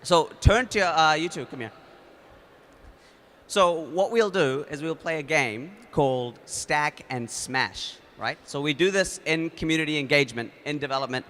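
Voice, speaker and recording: At a moderate pace, a New Zealand-accented man gives a conference talk, energetically steering the audience through a game. He's casual, with many fillers and restarts, and his bright, forward voice sits a little high.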